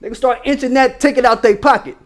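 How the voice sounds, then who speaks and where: High-voiced man ranting on his channel. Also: fast. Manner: heated, slangy and profane, talks straight to viewers. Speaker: political commentary channel host. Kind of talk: casual political commentary.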